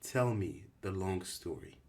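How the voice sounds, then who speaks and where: A scared, confused teenage boy asks strained, halting questions, as a man reads him in an audiobook. The voice stays deep and slow. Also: expressive, darkish tone. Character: scared confused sixteen-year-old boy. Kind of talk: audiobook character reading.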